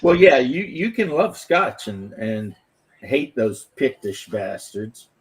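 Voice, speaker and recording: A man in a relaxed podcast chat, talking about drinks and joking wryly with his friends. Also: mid-range voice, slow, poor audio. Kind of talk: casual chat.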